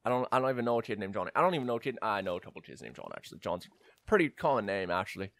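A man's voice: fairly low pitch, sing-song, racing, a bit bright. A young man giving casual let's-play commentary, rambling with joking asides as he plays. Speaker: gamer.

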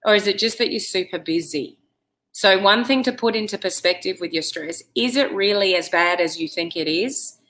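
A middle-aged woman vlogger gives life advice straight to camera, casual, chatty and direct, with lots of fillers and many "you know"s. Her voice is mid-range and a bit bright at a moderate pace, though the recording is rough.

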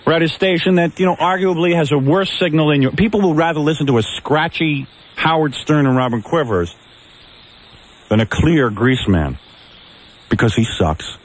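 A man's voice: on the high side, normal speed, a little hiss or hum. A man in his thirties hosting morning radio, ranting and taunting a rival with brash, mocking insults. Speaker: radio host.

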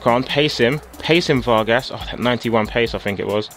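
A young man with a tired, sore-throated voice giving casual gameplay commentary that jumps into excited shouting. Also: medium pitch, brisk, faint music behind. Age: young adult. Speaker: gaming YouTuber.

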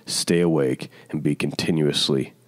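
A man's voice: extremely low pitch, fairly even intonation, unhurried, dry recording. A man preaching an online sermon, urgent and emphatic, pressing his point through repetition.

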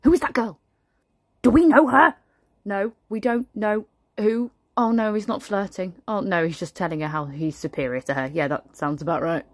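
A woman's voice: on the low side, fairly even intonation, normal speed, no echo, close to an everyday voice. Snobbish aristocrat mother, played by a woman, grumbling, dry close sound. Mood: disdainful. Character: haughty aristocratic mother at a kids' party. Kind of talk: comic sketch monologue.

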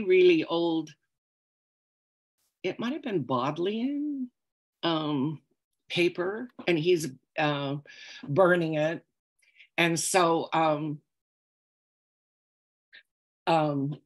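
A woman's voice: sits low, fairly bright tone. A woman calligrapher telling an anecdote during a lecture, in a chatty, meandering way with frequent ums and laughs.

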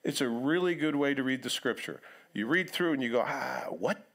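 A middle-aged man preaching in a church in a conversational tone. His voice sits at a medium pitch. He now and then acts out quotes in other voices. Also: a little fast, a bit bright. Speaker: pastor. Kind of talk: sermon.

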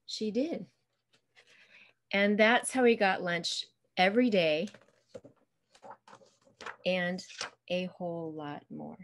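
A woman's voice: lowish voice, slow, pauses often, slight background noise. A woman author chatting on a video call, retelling her book's story in a chatty way full of "um" and "you know". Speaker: children's book author. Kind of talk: casual interview, retelling a story.

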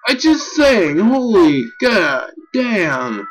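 A young man giving casual gameplay commentary, excitable and easily frustrated, swearing and yelling at his game. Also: high-pitched, drawn-out words, faint music behind, low-quality recording. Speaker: let's play gamer.

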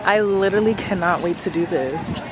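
A young woman vlogging her travels, excitable and nervous, often saying "you guys", filmed outdoors. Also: fairly low pitch, fairly quick, a loud crowd. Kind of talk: travel vlog chat. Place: outdoors on a trip. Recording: loud outdoor noise.

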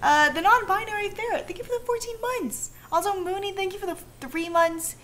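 A young woman streaming a cozy game, chatting casually in a giggly, playful, animated way and thanking her viewers. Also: extremely high pitch, brisk, a little hiss or hum. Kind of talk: casual gameplay chat. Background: faint game music.

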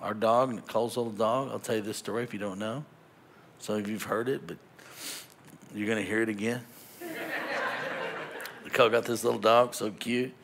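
Pastor guy preaching, tells it like a story, chatty and laughing, bright voice. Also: on the low side, moderate pace, long pauses, a little hiss or hum. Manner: animated, chatty, laughing at his own story. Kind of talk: sermon storytelling.

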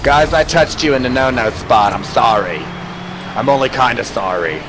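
A young man streaming a car soccer game, chatting casually with crude jokes and shouting at plays. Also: mid-range voice, animated, normal speed, noisy background.

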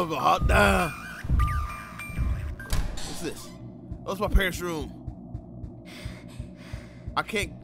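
A man giving loud, excitable commentary while playing a horror game, full of slang and yelling at jump scares. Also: high voice, gravelly. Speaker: gamer.

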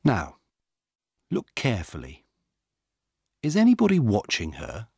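A man's voice: on the low side, wildly swooping pitch, a little slow, a little mellow, husky, no room sound, studio quality, heavily acted. A man reading the part of a male police officer, firm and in charge, giving orders. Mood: commanding.

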